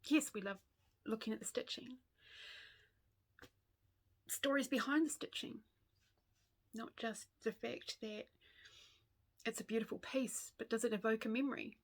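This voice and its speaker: A woman's voice: on the high side, measured pace, long pauses. Rambling, chatty New Zealand woman. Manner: rambling and chatty, laughs often, goes off on tangents. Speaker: stitching vlogger. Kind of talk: casual chat to camera.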